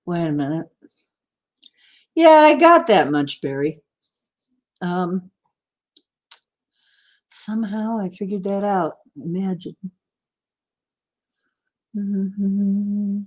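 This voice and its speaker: A woman's voice: mid-range voice, animated, extremely slow, long pauses. A woman hosting a livestream in casual chat, playfully teasing and answering her viewers' comments. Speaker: livestream host.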